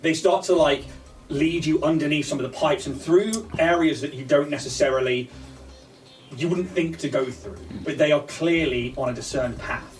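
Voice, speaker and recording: A man's voice: on the high side, normal speed, roomy sound, recorded from a distance, faint music behind. A man, narrating a tabletop game as game master in a casual, rambling way full of fillers.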